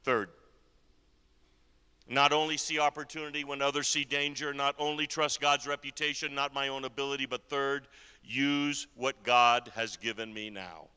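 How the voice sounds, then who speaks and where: Bright, forceful preacher in a reverberant church. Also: male voice, medium pitch, moderate pace, smooth. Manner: animated storyteller, swings from hushed to emphatic. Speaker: guest preacher. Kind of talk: sermon storytelling. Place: church hall. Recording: long reverb of a large church hall.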